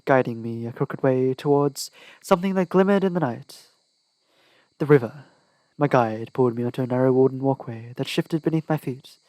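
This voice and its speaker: A man's voice: medium pitch, darkish tone, no room sound, rough recording. A man narrating an audiobook in the first person with a dramatic, tense delivery. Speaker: audiobook reader.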